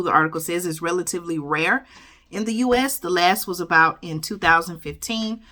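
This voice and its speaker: A woman's voice: fairly low pitch, pushed and bright. A woman, casually reading a news article aloud and commenting on it, often tagging on "okay?" and "y'all" and correcting her slips. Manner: chatty, keeps adding "okay?" and "y'all", stumbles and corrects herself. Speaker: YouTube host reading news.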